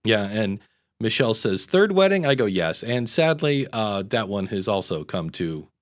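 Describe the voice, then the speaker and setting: A man's voice: lowish voice, animated, moderate pace. A middle-aged man hosting a podcast, telling stories in a rambling, casual way with frequent restarts. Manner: rambling anecdotal storytelling with many restarts. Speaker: podcast host. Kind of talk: casual chat.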